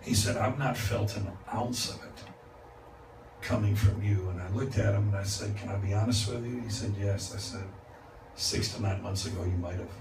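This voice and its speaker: A man's voice: on the low side, moderate pace. A male guest preacher telling a story in a conversational sermon, acting out the dialogue and laughing along. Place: church sanctuary. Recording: echoey church from far off with noise.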